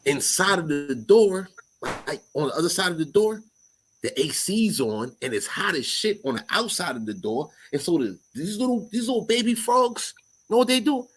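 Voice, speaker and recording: A man's voice: high voice, animated, normal speed, slight background noise, rough recording. A man in his forties with a New York accent, talking in a loose, profane casual chat full of street slang.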